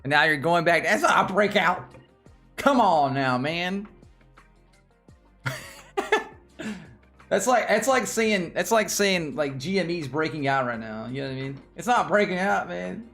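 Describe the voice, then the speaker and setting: Southern twang guy on a live stream, kinda higher voice, rambly and slangy, faint music behind. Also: animated, measured pace, vocal fry, pauses often, fairly bright tone. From Nashville, Tennessee. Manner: rambling, slangy, thinks aloud. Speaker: stock stream host. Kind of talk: casual live-stream chat.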